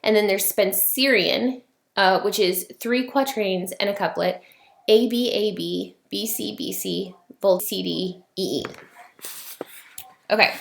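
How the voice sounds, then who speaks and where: A woman teaching an online class, explaining at an easy pace with plenty of fillers along the way. Her mid-range voice has a gravelly edge. The sound bounces around an echoey room. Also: medium pitch, slow pace, slight background noise. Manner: casual, explanatory, many fillers.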